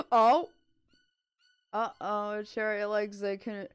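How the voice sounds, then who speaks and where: Faint game music runs behind a gaming channel host who plays, comments, and giggles, reading character dialogue in playful voices. Her medium-pitched voice has fairly even intonation and a slightly slow pace, broken by long pauses.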